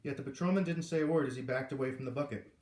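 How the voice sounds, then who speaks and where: A man reading a chapter of a novel aloud in an even, measured storytelling manner. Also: mid-range voice. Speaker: reader. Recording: roomy echo.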